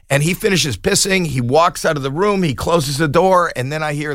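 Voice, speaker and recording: A man's voice: a little high, fairly quick, hardly any pauses, no echo, studio quality. A middle-aged man, a comedian guest on a podcast, telling an anecdote with laughter and put-on voices for the people in it. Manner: animated, laughing, voices in quotes. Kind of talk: storytelling anecdote.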